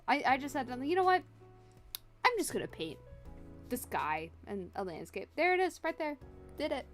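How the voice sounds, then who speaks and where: A woman with a fairly high, sing-song voice talks at a moderate pace while drawing on an art livestream. She rambles, jokes casually with viewers and answers the chat, with faint music playing in the background.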